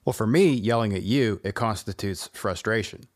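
A man co-hosting a podcast in casual chat, laid-back and teasing, calmly talking his friend down. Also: on the low side, moderate pace. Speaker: podcast co-host.

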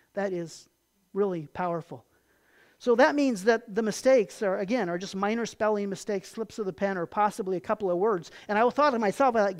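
A pastor preaching a sermon with animated storytelling and emphatic turns. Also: medium pitch.

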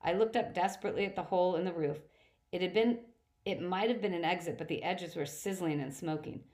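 A woman narrating a first-person adventure story with a fairly low voice. She reads steadily, now and then stumbling and restarting a phrase. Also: fairly quick. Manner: steady reading with occasional slips and restarts. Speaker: audiobook reader.

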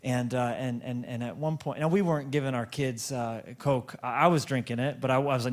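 A man preaching a sermon, telling a story with many stammered restarts and repeated words, and slowing down to stretch words for emphasis. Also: medium pitch, steady tone. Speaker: pastor.

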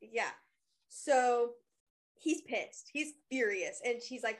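Chatty higher-voiced woman co-host. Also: slow. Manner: chatty, lots of "like" fillers. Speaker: podcast co-host. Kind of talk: casual book-club chat.

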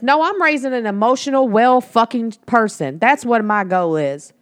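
This podcast host, a woman in her thirties, speaks expressively at a medium pitch and moderate pace, hardly pausing, as she gives a casual monologue that's blunt, forceful, and full of profanity. Her home mic picks up the room, yet the recording has no room sound and studio quality.

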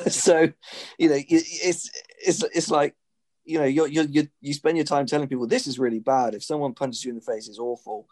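A man's voice: medium pitch, moderate pace, darkish tone. A man in casual conversation who restarts his sentences often and chuckles as he talks. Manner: hesitant restarts, chuckling asides. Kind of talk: casual chat.

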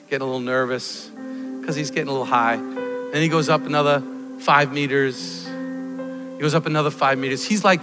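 A man preaching a sermon, swinging from loud exhortation to quiet storytelling. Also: on the high side. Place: church hall. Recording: long hall reverb with faint music.

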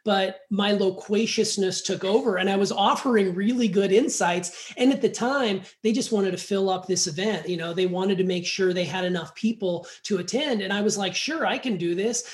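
A man's voice: high-pitched, normal speed, hardly any pauses. A man telling stories as an interview guest, chatty and self-deprecating. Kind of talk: casual storytelling. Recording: roomy echo.

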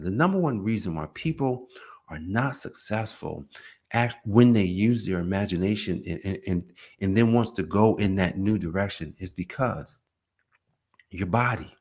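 A man hosts his own podcast and gives an emphatic motivational talk. His slightly husky voice swings widely in pitch as he pushes each point. He repeats key phrases and often restarts mid-sentence. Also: darkish tone. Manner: emphatic and repetitive, with frequent restarts; self-described emotional. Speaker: podcast host.

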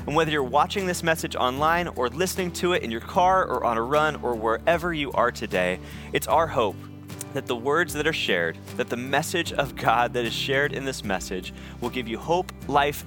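Pastor welcoming viewers over guitar music. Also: male voice, medium pitch. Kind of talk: scripted welcome to online viewers. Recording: guitar music playing behind the voice. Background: soft guitar music.

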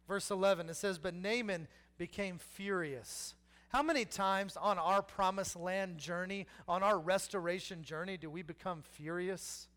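A man's voice: high voice, normal speed, fairly bright tone. A man, preaching a sermon with humor, repeating key lines and acting out people in the story. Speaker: pastor.

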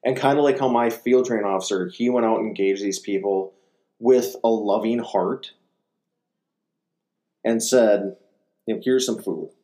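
A man's voice: fairly low pitch, a little slow, pauses often. A man giving a conversational sermon, retelling gospel stories in a casual way and acting out the quotes. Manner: animated, acts out quotes, casual fillers. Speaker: ministry speaker.

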